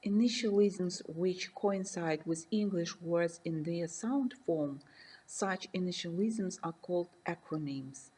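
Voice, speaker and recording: A woman lecturer reading a recorded university lesson slowly and carefully, defining terms and giving examples. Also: on the low side, warm tone, breathy edge, rough recording.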